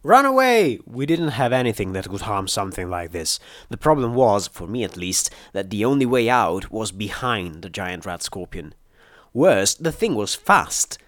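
Low-voiced man narrating an action story. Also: animated, moderate pace, a bit bright, no room sound, clean studio sound. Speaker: audiobook reader. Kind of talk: first-person narration of a fan story.

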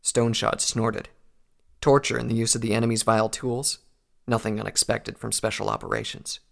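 A man narrating a fantasy story in a steady, measured audiobook reading. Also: on the low side, vocal fry. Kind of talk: audiobook reading of fan fiction.

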